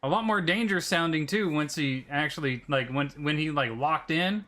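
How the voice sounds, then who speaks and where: Guy streamer rambling jokes, bright highish voice. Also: moderate pace. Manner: rambling, joking. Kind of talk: casual gaming chat.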